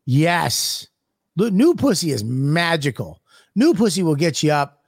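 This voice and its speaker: A man's voice: a little high, big pitch swings, unhurried. A man co-hosting a podcast, trading brash, profane jokes in casual banter. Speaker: podcast co-host. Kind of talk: crude comedic banter.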